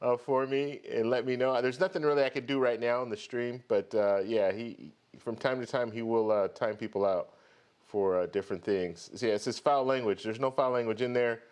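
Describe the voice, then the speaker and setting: A man's voice: medium pitch, fairly even intonation, moderate pace, a little mellow, clean tone. A man hosting a live stream about travel rewards, talking casually and greeting viewers one by one. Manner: chatty, greets viewers by name. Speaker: host of a travel credit card channel.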